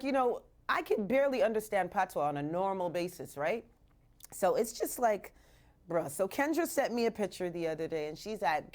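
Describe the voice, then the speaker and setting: A woman's voice: mid-range voice, sing-song, normal speed, a little mellow. A woman from Canada hosting a live radio show, talking casually and animatedly, slipping in Jamaican patois phrases, from a radio studio.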